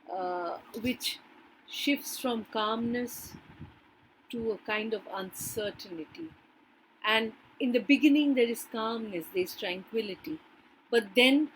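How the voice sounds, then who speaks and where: Woman teacher, unhurried lecture pace, keeps checking in with the class, some faint background hiss. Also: on the high side, poor audio. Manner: checks in with frequent yes and right; hesitant restarts and fillers. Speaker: literature teacher.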